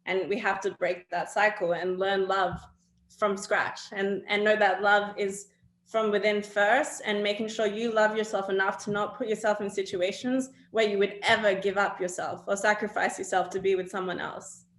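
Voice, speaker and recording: A woman's voice: mid-range voice, little pitch movement, roomy sound. A young adult woman speaking as an interview guest, talking earnestly and reflectively about her own life. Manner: earnest, reflective, quick to laugh. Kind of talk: candid personal talk.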